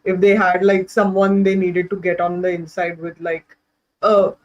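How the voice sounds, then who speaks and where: A man with an Indian English accent chats as a tabletop player, easygoing and agreeable with short replies. His voice is quite high for a man. The sound is dull and lo-fi. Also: flat delivery, normal speed. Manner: laid-back, agreeable, brief replies. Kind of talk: casual game chat.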